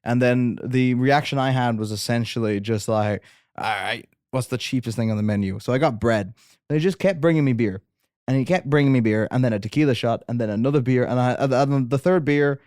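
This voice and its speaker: A man's voice: mid-range voice, brisk, a little mellow, dry recording, clean studio sound. A young Irish man telling a rambling story in casual chat, laid-back and swearing freely. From Ireland. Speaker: guest host.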